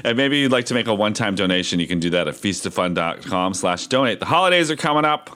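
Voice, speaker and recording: Low-voiced male podcast co-host. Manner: teasing, warm-humored, quick to laugh. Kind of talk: casual podcast chat.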